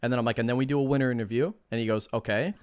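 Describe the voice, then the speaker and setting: A man's voice: mid-range voice, steady tone, rapid-fire, a little mellow, clear, resonant tone, dry recording, studio quality. A man co-hosting a casual podcast, telling stories animatedly, acting out both sides of conversations and swearing freely. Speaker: podcast co-host.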